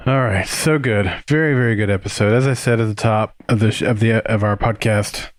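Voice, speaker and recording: A man's voice: lowish voice, brisk, no room sound. A man hosting a podcast, chatting casually and jokily while recapping and reading listener mail. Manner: jokey, animated recapping. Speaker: podcast host.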